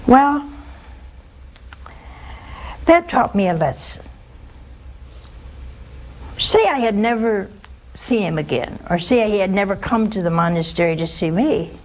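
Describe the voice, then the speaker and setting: A woman's voice: mid-range voice, animated, a little slow, pauses often, a little mellow. An older woman, a nun, giving a spiritual talk with personal stories, plain-spoken and speaking straight to her listeners. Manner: plain-spoken, storytelling, addresses listeners directly.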